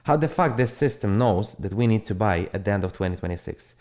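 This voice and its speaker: Blunt, profane crypto streamer. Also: male voice, lowish voice, animated, a little fast, darkish tone. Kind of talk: casual live-stream monologue.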